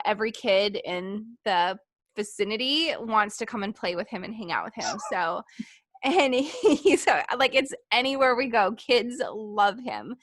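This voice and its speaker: A woman's voice: on the high side, fairly bright tone, no echo, studio quality. A woman hosting a podcast, chatting in an upbeat, enthusiastic way with many casual fillers. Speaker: podcast host. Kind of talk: casual interview chat.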